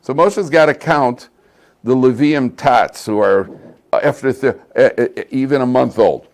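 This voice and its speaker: A man's voice: mid-range voice, moderate pace. A man, a rabbi, teaching a Torah class and telling stories, acting out the dialogue and often chuckling as he guides his students through the text. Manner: lively storyteller who acts out dialogue and chuckles often; addresses the class directly and points them to the text.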